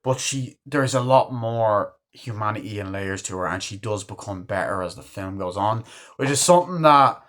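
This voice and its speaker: A man's voice: fairly low pitch, lively intonation, normal speed, fairly bright tone. A man reviewing a movie in a casual, rambling way, swearing often and leaning on fillers. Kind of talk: casual chat.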